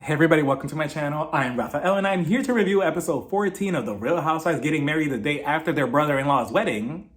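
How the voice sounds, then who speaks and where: A man's voice: on the high side, fast talker. A young man recapping a reality show episode in casual, sarcastic commentary, talking straight to the cast. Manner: sarcastic, animated, talks straight to the people on the show. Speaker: reality TV reviewer.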